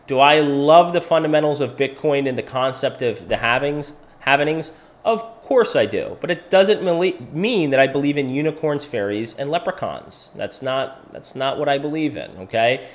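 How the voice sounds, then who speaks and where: A middle-aged man hosting a live crypto stream, talking through charts in an animated, conversational way. His voice sits at an ordinary mid pitch, and he speaks to viewers by name as he goes. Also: normal speed. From Pennsylvania, USA. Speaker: crypto livestream host. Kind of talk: live chart analysis with chat questions.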